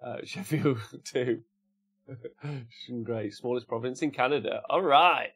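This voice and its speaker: A man's voice: mid-range voice, slow, fairly bright tone, breathy edge. A man with an English Midlands accent, hosting a casual livestream, reading out viewers' chat messages and answering them with jokes. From Cannock, England.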